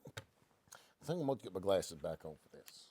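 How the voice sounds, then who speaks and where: A man's voice: low voice, sing-song, moderate pace, dark tone, a little hiss or hum. A man hosting a casual live stream from a gun shop, telling stories in a folksy, joking way. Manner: folksy, joking, rambling explanations. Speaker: host.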